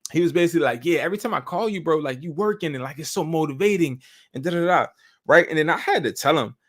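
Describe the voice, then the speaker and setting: A man's voice: fairly high pitch, lively intonation, quick pace. A man hosting a live stream, chatting casually and telling stories in loose slang with profanity. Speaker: host.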